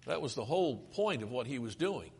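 A male preacher delivering a sermon with a lively voice that rises and falls freely. He talks earnestly and pleadingly, and he often asks rhetorical questions. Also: mid-range voice, brisk, gravelly, breathy edge.

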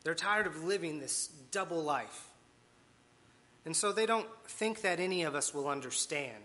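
A man's voice: on the high side, sharp tone. A man preaching a conversational sermon with asides and self-deprecating humor. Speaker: lay preacher.

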